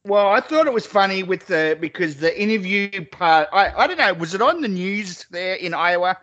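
A man's voice: high-pitched, normal speed, dull audio. A man co-hosting a podcast, telling stories in crude, casual banter and swearing freely. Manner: swears a lot, animated storytelling with mock shouts. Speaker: podcast co-host.

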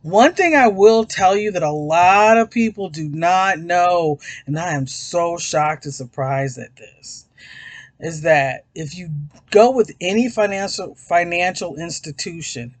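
A man's voice: on the high side, dry recording. A man hosting his own podcast, talking in a rambling, casual way, swearing freely and addressing listeners as y'all. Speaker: podcast host. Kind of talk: casual chat.

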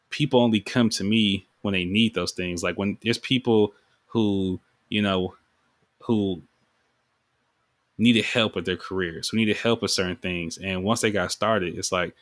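Deep-voiced man, emotional casual talk. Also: no room sound. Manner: emotional, rambling with many fillers. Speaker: podcast host and music artist. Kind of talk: casual reflective monologue.

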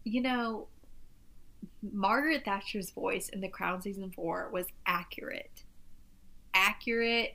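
Woman co-host, casual rambling talker, mid pitch; conversational movie chat. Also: pushed and bright. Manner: rambling, self-interrupting, lots of "like".

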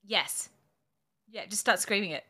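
A woman's voice: medium pitch, a little slow, bright, forceful tone. A woman with an Australian accent, co-hosting a podcast in casual chat, playful and emphatic. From Western Sydney, Australia. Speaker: podcast co-host.

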